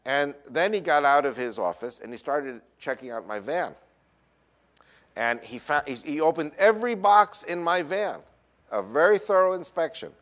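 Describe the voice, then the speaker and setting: A man's voice: a little high, moderate pace. A man from New York with a New York accent, giving a lecture full of personal anecdotes and frequent "uh" fillers. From New York, USA. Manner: animated storyteller, frequent "uh" fillers. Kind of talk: lecture mixed with personal storytelling.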